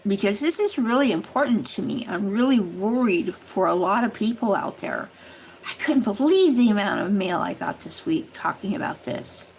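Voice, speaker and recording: Brief: female livestream host, gravelly creaky voice, mid pitch, rambling earnest casual chat. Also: expressive, moderate pace, darkish tone, slight background noise, poor audio. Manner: addresses viewers directly. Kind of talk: casual chat to a live audience.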